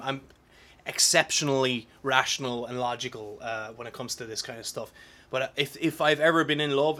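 A man in his thirties rambles to camera in a loose, unscripted vlog. He swears freely and trips over his own restarts as his thoughts pile up, and his voice sits at an ordinary middle pitch for a man. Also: fairly bright tone. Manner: profane, rambling, frequent restarts and filler words. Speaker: vlogger. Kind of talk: casual rambling monologue.

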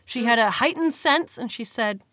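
A woman co-hosts a casual podcast, teasing her friend with playful questions and frequent laughter. Her voice sits a little high. The recording is close and dry. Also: moderate pace, a bit bright, dry recording. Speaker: podcast co-host and commentator. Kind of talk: casual chat.

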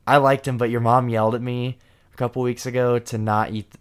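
A man's voice: medium pitch, little pitch movement, brisk, clear, resonant tone. A young man chatting casually with his partner, joking, rambling and poking fun at himself. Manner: joking, rambling, self-deprecating. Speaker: vlogger, co-host with partner. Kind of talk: casual couple chat.

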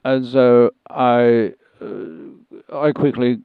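A fussy, genteel English gentleman from Sussex, as a man puts him on, dithering through every sentence with ums and restarts. His voice sits in a middling pitch and comes across dry and slightly dull, like a lo-fi recording. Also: extremely slow, creaky, clean tone, dry recording. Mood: flustered. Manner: hesitant, rambling, many ums and restarts; prim and genteel. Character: posh English gentleman turned country singer, fussy and dithering. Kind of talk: improvised comedy interview.

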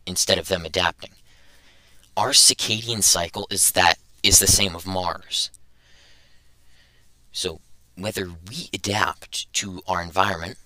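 Low-voiced young man, bright edge. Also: smooth, no echo, low-quality recording. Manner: rambling, thinks aloud with restarts. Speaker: podcast host. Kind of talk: casual podcast discussion.

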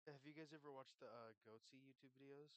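A man's voice: medium pitch, fairly even intonation, fast talker, clean tone. A teenage boy joking around in casual podcast chat with friends. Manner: joking, jumps into bits.

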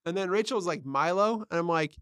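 A man's voice: high-pitched, quick pace, a bit bright, clear, resonant tone, no room sound, studio quality. A man co-hosting a podcast in casual chat, voicing blunt opinions and laughing often. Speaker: podcast co-host.

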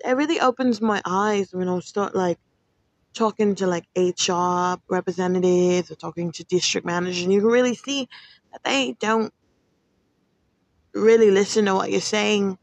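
A woman's voice: on the low side, no room sound. Frank woman venting on a home podcast. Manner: frank, venting, swears freely. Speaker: podcast host. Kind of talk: casual solo podcast monologue.

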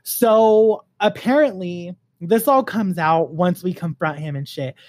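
A man in his late twenties telling a personal story in a casual, animated way, swearing freely and acting out the other people's lines. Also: high-pitched, a little slow. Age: late 20s. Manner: animated, profane, acts out quoted voices.

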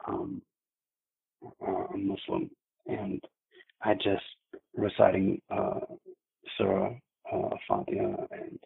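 A man with a low, gravelly, very husky voice recounts a frightening experience. He talks haltingly, circling back and repeating words. The sound comes through a narrow, phone-like line. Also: big pitch swings. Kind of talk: telling a frightening personal story.

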